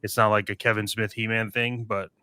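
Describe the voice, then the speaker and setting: A man co-hosting a podcast in casual group chat, quick and agreeable, often restarting sentences. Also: fairly low pitch, little pitch movement, sharp tone, clean tone, dry recording. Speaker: podcast co-host.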